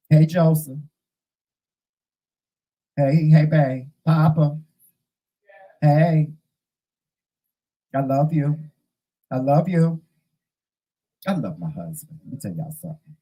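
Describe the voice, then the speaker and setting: Husky, animated man telling stories. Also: medium pitch, poor audio. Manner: animated, profane, emphatic. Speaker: host. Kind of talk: casual storytelling to camera.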